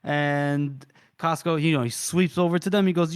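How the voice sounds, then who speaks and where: Man co-hosting a book podcast, slightly higher voice. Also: normal speed, clear, resonant tone. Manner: animated retelling, frequent laughs. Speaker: podcast co-host. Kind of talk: casual book discussion.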